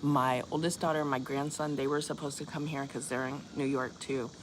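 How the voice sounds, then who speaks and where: Speaking with a bass voice and fairly even intonation, a fifty-something woman vlogger briskly rambles through a chatty story for her viewers, using lots of fillers. Crickets and other insects chirp loudly in the background.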